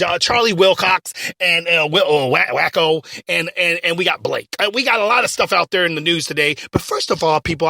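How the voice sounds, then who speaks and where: A man's voice: a little high, vocal fry, sharp tone, a little hiss or hum. A man playing a blustering, bossy male talk radio host in a comedy skit, stammering and ranting.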